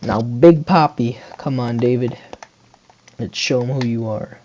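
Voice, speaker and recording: A man's voice: mid-range voice, a little slow, slight background noise. Young man muttering game commentary, dull mic. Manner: muttering play-by-play with sudden excited shouts. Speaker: gaming channel host. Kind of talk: casual gameplay commentary.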